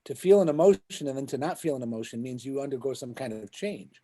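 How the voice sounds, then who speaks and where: A man's voice: mid-range voice, lively intonation, fast, dark tone. A man teaching a Talmud class as a rabbi, explaining the text and checking in with his students as he goes. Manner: explains as he goes, keeps asking "right?". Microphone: video call.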